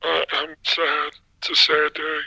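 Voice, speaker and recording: A man putting on the voice of a mopey, crude sad-sack who answers in sulky deadpan one-liners. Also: fairly high pitch, measured pace, creaky, slightly rough, lo-fi sound, exaggerated voice.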